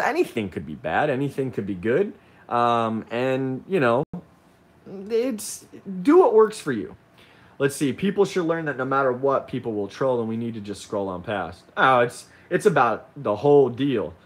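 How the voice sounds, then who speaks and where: A man hosting a casual livestream, reading viewer comments and rambling with frequent ums and restarts. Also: medium pitch. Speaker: livestream host.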